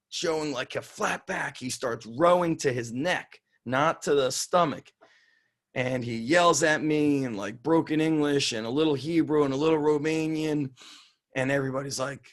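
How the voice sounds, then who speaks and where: A middle-aged man from Israel, a strength coach telling lively, profane stories in an interview and acting out the voices of the people in them. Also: fairly high pitch. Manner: animated, profane, acts out quoted voices. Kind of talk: casual storytelling interview.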